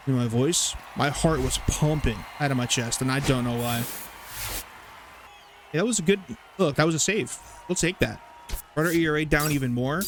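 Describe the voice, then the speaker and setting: A young man casually commentating his baseball video game, rambling, swearing and getting excited over plays. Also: medium pitch, background noise. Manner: chatty, rambling, profane, excitable. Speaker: gaming YouTuber. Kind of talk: casual let's-play commentary.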